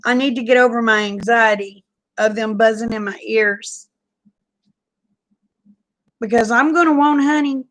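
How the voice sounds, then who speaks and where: Woman, chatty and folksy, livestream host, higher voice. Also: unhurried, pauses often, fairly bright tone, rough recording. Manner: chatty, folksy, laughs often. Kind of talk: casual livestream chat with viewers.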